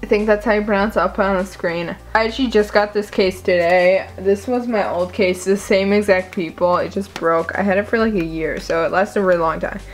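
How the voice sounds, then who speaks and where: A woman's voice: mid-range voice, steady tone, fairly quick, hardly any pauses, faint music behind. A young woman vlogging casually, goofy and chatty, often laughing at herself. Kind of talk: casual chat.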